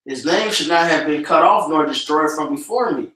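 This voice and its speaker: High-voiced street preacher, echoey and distant. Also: male voice, animated, normal speed, bright, forceful tone. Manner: casual, repeatedly tags lines with "man".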